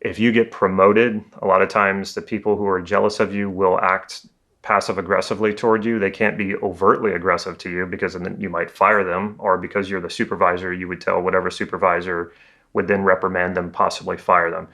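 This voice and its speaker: A man working as a communication coach, giving a calm, conversational educational talk. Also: sits low, a little fast.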